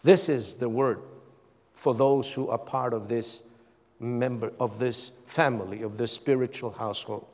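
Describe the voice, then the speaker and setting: A pastor preaching a sermon with dramatic pauses, building to emphatic calls. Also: male voice, mid-range voice, steady tone, a little mellow. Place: church hall. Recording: long reverb of a hall.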